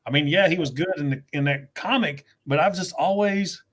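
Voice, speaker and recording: A chatty man with a Southern US accent, hosting a loose, casual conversation. His voice sits a touch higher than most men's, and he tells his stories quickly with frequent laughs. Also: a bit bright. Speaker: host. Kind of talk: casual livestream chat.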